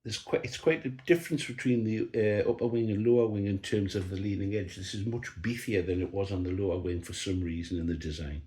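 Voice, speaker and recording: A man talking through a model build, relaxed and thinking aloud as he explains each step. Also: lowish voice, a little fast, hardly any pauses. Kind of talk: workshop build commentary. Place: hobby workshop bench. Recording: roomy workshop echo.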